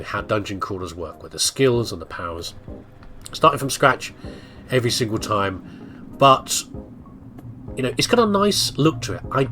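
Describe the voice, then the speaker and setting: A man's voice: mid-range voice, a bit bright. A man hosting a gameplay video, chatting casually and rambling through his commentary with frequent laughs. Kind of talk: casual let's-play commentary.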